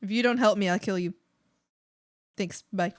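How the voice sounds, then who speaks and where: A woman's voice: medium pitch, normal speed. A woman art streamer chatting casually while drawing, playful and rambling with silly jokes.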